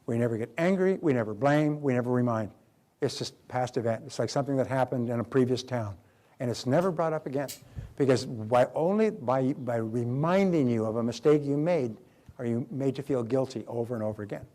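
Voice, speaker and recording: A middle-aged man delivers a motivational talk at an average pitch. He drives his points home by repeating them and acts out short exchanges in quoted voices. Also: brisk, dark tone. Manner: emphatic, repeats key phrases, acts out quoted dialogue. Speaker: motivational speaker.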